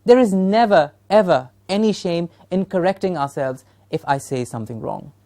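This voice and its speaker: A woman's voice: lowish voice, lively intonation, normal speed, mellow. A woman with a Punjabi accent giving a recorded training lecture to teachers from a studio, asking rhetorical questions with emphatic encouragement.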